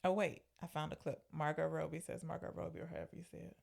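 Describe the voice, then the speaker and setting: A woman co-hosting a movie podcast in easy, casual chat. Her voice has a gravelly edge. She pokes at her partner with wry, pointed questions. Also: low voice, flat delivery, quick pace, darkish tone. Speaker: podcast co-host.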